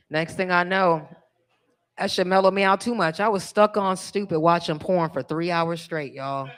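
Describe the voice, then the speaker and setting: A woman's voice: low-pitched, a bit bright. Brash middle-aged stand-up woman, bawdy crowd-teasing delivery, live on a stage mic. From California. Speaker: stand-up comedian.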